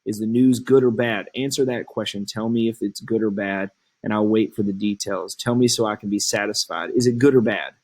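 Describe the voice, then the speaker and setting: Man reading a lovestruck young girl, low voice, slow even reading. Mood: impatient. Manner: reads slowly and evenly from the text. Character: impatient young girl in love. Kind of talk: classroom play reading.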